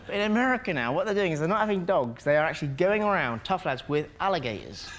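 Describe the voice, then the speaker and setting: A comedian appears as a chat show guest in a TV studio, telling comic stories and jokingly acting out little scenes. He speaks fast in a fairly high, sing-song voice, while the studio audience laughs loudly in the background.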